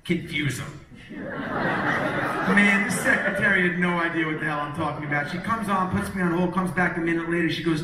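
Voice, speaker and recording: A middle-aged man telling an energetic, punchy story to a live audience as a motivational speaker, acting out the quotes. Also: a little high, fairly quick. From New York, Long Island. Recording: echoey hall, distant mic.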